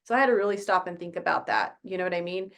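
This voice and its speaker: A woman's voice: on the low side, quick pace, gravelly, a bit bright. A woman in her thirties in casual podcast chat, talking at length and acting out what she says to her kids. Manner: rambling, acts out quoted dialogue with her kids. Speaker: podcast guest.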